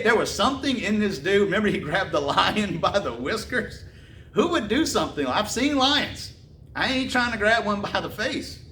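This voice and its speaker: A man's voice: a little high, a bit bright, a little hiss or hum. A man preaching a sermon, reading scripture aloud and then retelling it in casual slang with bursts of laughter. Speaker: pastor. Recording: roomy echo, mic at a distance, faint ambience.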